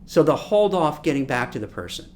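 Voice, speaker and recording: Lively recruiter man giving career advice. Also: a little high, fairly quick. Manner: animated, acts out imagined dialogue. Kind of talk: casual advice talk.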